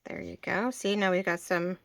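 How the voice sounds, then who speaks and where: A woman's voice: lowish voice, steady tone, normal speed, dry recording. A woman in her forties hosting a casual craft tutorial, chatty and rambling, often restarting her sentences as she works. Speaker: craft channel host.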